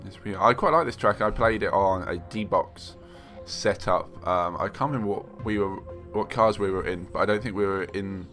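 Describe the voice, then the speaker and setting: A man casually commentating his own racing game play, excitable, joking and rambling. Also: on the low side, moderate pace, hardly any pauses, soft background music, low-quality recording. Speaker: games journalist playing and commenting.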